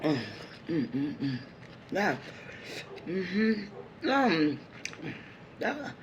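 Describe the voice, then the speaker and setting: A woman's voice: lowish voice, lo-fi sound. A woman vlogging a meal, talking with her mouth full and murmuring between bites. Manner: talks with mouth full between chewing sounds; slow, relaxed, murmured asides. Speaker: mukbang vlogger. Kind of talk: casual talk while eating. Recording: noisy, with clicking sounds.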